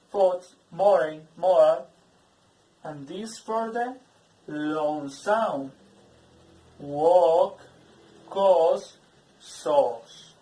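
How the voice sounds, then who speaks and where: Brief: Spanish-speaking Colombian woman as pronunciation teacher, very slow and measured, slightly low voice, recorded far from the mic in an echoey room. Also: a little mellow. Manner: drills word lists, stressing each example word. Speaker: English phonetics teacher. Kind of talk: pronunciation lesson.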